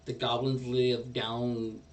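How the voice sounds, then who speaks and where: A man's voice: medium pitch, completely flat delivery, slow, distant mic, slight background noise. A man narrating a tabletop game as dungeon master, rambling and hesitant.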